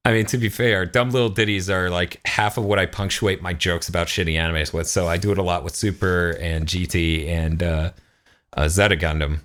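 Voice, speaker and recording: A man's voice: low voice, steady tone, fairly quick, a bit bright. A man co-hosting a casual podcast, recapping an episode and acting out the characters' lines in goofy voices. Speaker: podcast co-host.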